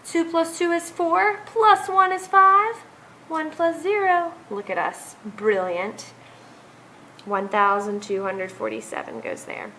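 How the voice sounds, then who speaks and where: A woman's voice: very high-pitched, takes it slowly, pushed and bright, slight background noise, low-quality recording. A woman teacher walking through math homework problems, counting aloud step by step.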